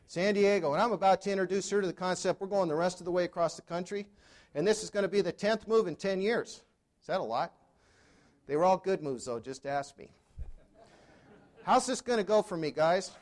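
A man in his sixties delivers a storytelling keynote to a live audience. His voice sits a little high for a man. He talks conversationally, throws questions to the crowd, and lands dry jokes. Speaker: motivational speaker.

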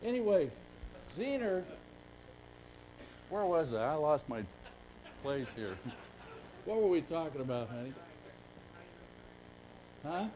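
A man's voice: a little high, big pitch swings, slow pace, pauses often, mellow, a little hiss or hum, poor audio. An older man speaking at a conference, telling rambling folksy stories to a live audience. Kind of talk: storytelling talk to a live audience.

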